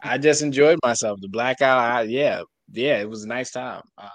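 A man's voice: medium pitch, normal speed, no echo. Podcast co-host, New man, easygoing, dry recording. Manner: laid-back, coy storyteller. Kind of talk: casual storytelling chat.

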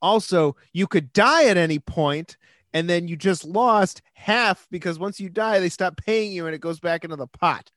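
An opinionated man co-hosts a podcast and argues his views firmly in casual chat. His voice sits a little high for a man. It is recorded close and dry, with no room sound. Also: normal speed, fairly bright tone, no room sound. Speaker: podcast co-host.

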